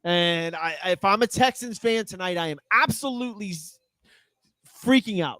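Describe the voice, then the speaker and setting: A man hosting a casual sports talk show, his voice sitting noticeably high. He riffs fast and laughs a lot, and the sound is dry and close with no room around it. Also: dry recording. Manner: excitable, laughs often, fast riffing.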